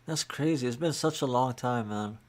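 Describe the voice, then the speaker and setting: A man with a mid-range voice chats through his reactions in a relaxed, casual way. He fills his talk with "like" as he weighs each round. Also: medium pitch, moderate pace. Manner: relaxed, chatty, many "like" fillers. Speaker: reaction channel host. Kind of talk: casual commentary.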